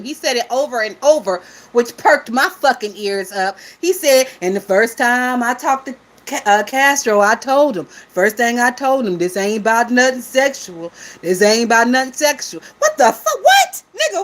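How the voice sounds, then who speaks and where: Sassy high-voiced gossip host. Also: female voice, fairly bright tone. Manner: sassy, profane, laughs a lot, mocking. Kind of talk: casual gossip commentary, reading chat.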